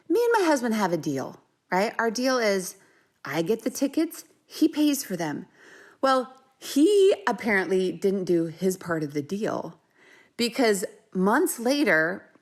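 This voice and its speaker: A woman in her thirties or forties tells a personal story with lively energy, quick asides and acted-out quotes. Her pitch sits in the middle range, and she speaks as a mentor to her team. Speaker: essential oil seller, mentor.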